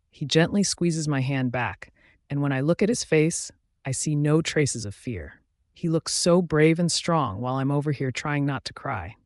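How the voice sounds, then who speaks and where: A man giving steady first-person audiobook narration of a scripted story. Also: on the high side, dry recording, clean studio sound.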